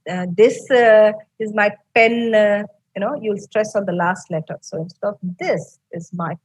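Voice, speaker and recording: A woman's voice: medium pitch, a little mellow, breathy edge, no echo, low-quality recording. A woman with an Indian English accent teaching an online English class, encouraging and explaining step by step with many fillers.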